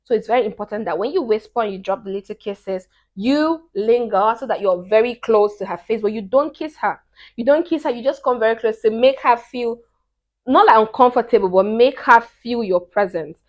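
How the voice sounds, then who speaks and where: A young woman giving casual dating advice to camera, emphatic, repeating her key points and swinging between hushed and loud. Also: fairly high pitch, moderate pace.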